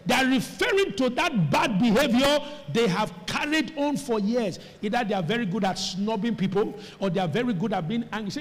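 A Nigerian man preaches in a high, bright voice that carries through a long-reverberating church hall. He calls out to the congregation and pushes his voice up to emphatic shouts. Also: animated, fairly quick. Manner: preaching with call and response, rising to shouts, mimicking Pidgin speech. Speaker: pastor. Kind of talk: sermon.

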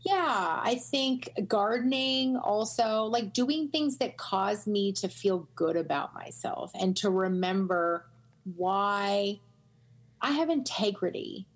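A woman's voice: medium pitch, animated, slow pace, husky. A woman co-hosting a podcast, talking candidly and emphatically, cursing freely and cheering her friend on. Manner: emphatic, profane, affirming, ranting. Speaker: podcast co-host. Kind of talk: candid casual chat.

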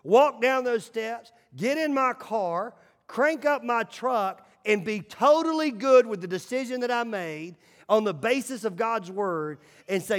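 A male pastor preaching a sermon in a church, emphatic, swinging between loud calls and hushed asides. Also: very high voice, lively intonation, a little slow, big-room sound. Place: church sanctuary.

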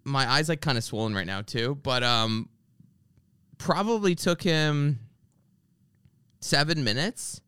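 Man, podcast host, comic ranting storyteller, lively pitch, dry close sound. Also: takes it slowly, long pauses, clear, resonant tone, no room sound. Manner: animated storyteller, mimics people in his anecdotes; swears freely, ranting comic tone. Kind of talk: casual chat.

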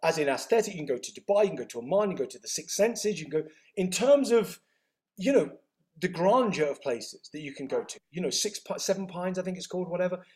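A man's voice: high-pitched, fast. A man being interviewed, telling stories energetically with lots of restarts and laughs. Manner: energetic, animated storytelling with frequent restarts. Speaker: guest, health author and retreat owner. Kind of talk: casual interview chat.

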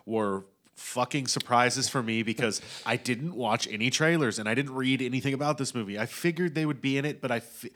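A man's voice: mid-range voice, a little fast, fairly bright tone. A young man in casual chat, blunt and opinionated, swearing freely.

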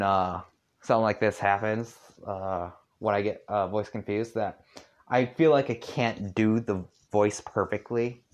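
Low-voiced man reading a story aloud. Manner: halting, with fillers and self-commentary. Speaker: amateur voice actor reading a story.

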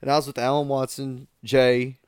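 Young male podcast host, casual storyteller, smooth tone, dry close sound. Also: mid-range voice, level tone, moderate pace, dry recording. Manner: profane, laid-back, laughs through stories.

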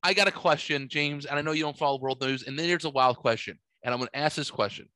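A man's voice: a little high, quick pace, sharp tone, dry recording, clean studio sound. A man co-hosting a casual podcast, ranting sarcastically and swearing a lot. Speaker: podcast co-host. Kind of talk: casual profane podcast chat.

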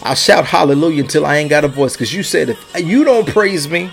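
Preacher, high voice, fervent repeating cadence, soft music under him. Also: male voice, lively intonation, fairly quick, gravelly. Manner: impassioned, rising and falling, repeating lines. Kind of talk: sermon.

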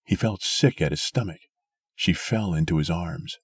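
A man narrating a story aloud in a steady, measured way. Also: sits low, husky, no room sound, studio quality. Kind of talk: scripted audiobook narration.

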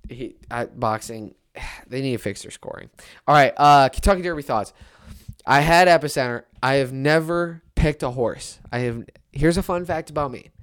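Animated young man ranting about sports. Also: medium pitch, normal speed, clean tone. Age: 20s. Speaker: sports commentator. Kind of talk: casual sports rant.

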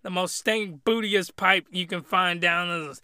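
Bright high-voiced man ranting. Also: normal speed, clean tone, dry recording, clean studio sound. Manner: crude, rambling, animated storytelling. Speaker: podcast host. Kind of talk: casual solo podcast review.

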